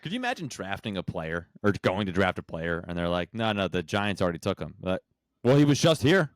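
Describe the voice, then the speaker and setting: A man's voice: low voice, lively intonation, fairly quick, dry recording, clean studio sound. A man co-hosting a casual podcast, talking emphatically and swearing casually. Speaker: podcast co-host. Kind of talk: casual chat.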